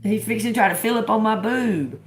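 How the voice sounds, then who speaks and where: A tarot reader on a livestream, an adult woman with a grown daughter, tells stories bluntly, swearing a lot and laughing often. Her fairly high voice is expressive and brisk, with a slight hiss or hum and a roomy echo in the recording.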